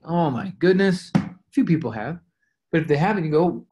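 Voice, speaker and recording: A man's voice: fairly high pitch, expressive, normal speed, warm tone. Man coaching on a team call. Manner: conversational, acts out sample dialogues. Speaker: real estate investing coach.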